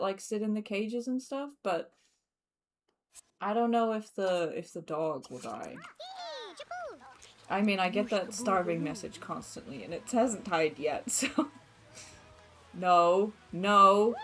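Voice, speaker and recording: A young woman with an Australian accent chatting casually while streaming a game, laughing often and filling pauses with ums and likes. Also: mid-range voice, lively intonation, a little mellow. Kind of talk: casual gameplay commentary.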